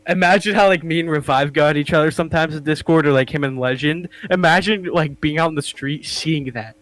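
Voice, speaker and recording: A man's voice: a little high, level tone, fairly quick, a bit bright, no echo, low-quality recording. Loose, profane young man chatting. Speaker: podcast co-host. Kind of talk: casual chat.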